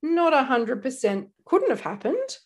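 Animated Australian woman co-host, chatty storyteller, laughs easily. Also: sits high, unhurried. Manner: animated storyteller, laughs often, slips into quoted voices. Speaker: podcast co-host. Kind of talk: casual true-crime podcast chat.

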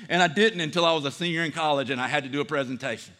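Male pastor, high bright voice, lively storytelling sermon, long hall reverb. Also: fast. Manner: animated storytelling, acts out quoted voices.

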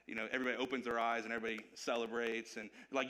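A man's voice: mid-range voice, fast talker. A man preaching a casual, joking sermon as pastor of his church. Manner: animated, joking, conversational.

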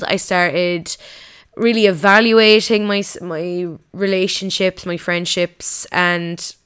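A young woman speaks in a candid, confiding monologue, blunt and unafraid to swear. Her voice sits a little low and comes across smooth and clear. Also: fairly bright tone.

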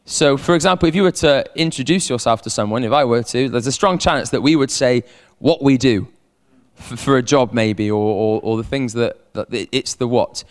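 A man preaching a sermon as a pastor, animated, repeating words and calling on the congregation to respond. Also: medium pitch, moderate pace. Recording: long hall reverb.

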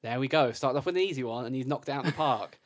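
A man's voice: medium pitch, racing. A man co-hosting a casual podcast chat, teasing his friend and swearing freely. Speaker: podcast co-host.

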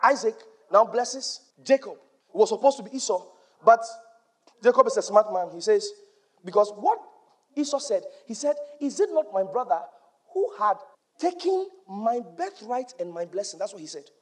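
Male preacher, high voice, husky tone, emphatic church sermon, bursts into shouts, quotes scripture. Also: big pitch swings, moderate pace. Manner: emphatic, rising to shouts on key points; quotes scripture in old-fashioned wording.

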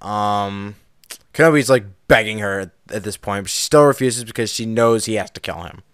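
A man's voice: lowish voice, normal speed, smooth, no room sound, clean studio sound. A man co-hosting a casual podcast, recapping a film scene by scene and acting out the characters' lines as he goes. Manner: animated storyteller, acts out quotes, laughs often. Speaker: podcast co-host.

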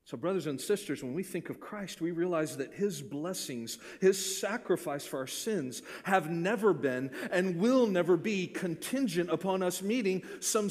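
A male pastor preaching in a church sanctuary, his fairly high voice trailing a long reverb around the room. He drops to near-whispers, then builds to ringing, emphatic appeals. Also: animated, normal speed, hardly any pauses. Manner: preaching with wide swings from hushed to forceful. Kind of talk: sermon.

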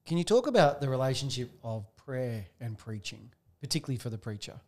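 A man's voice: medium pitch, expressive, fairly quick. Attentive male interviewer. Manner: attentive, frequent soft murmured agreement. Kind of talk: interview questions.

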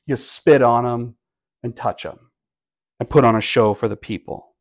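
A man's voice: medium pitch, unhurried. A man preaching a sermon in a conversational way, with wry asides and rhetorical questions to the congregation. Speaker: pastor.

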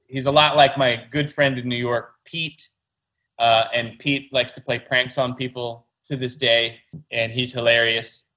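A man's voice: medium pitch, bright, forceful tone, rough recording. A man, a children's book author, chatting enthusiastically as an interview guest. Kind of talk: casual interview talk.

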